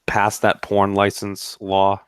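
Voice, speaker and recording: A man in a casual group chat, deadpan and halting, with frequent restarts. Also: lowish voice, clean tone, no echo, studio quality.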